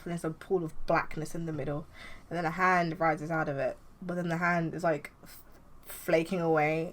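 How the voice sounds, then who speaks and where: A woman's voice: low voice, slight background noise. A young woman casually talking through her comic plan in a chatty way, with lots of fillers. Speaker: comic creator.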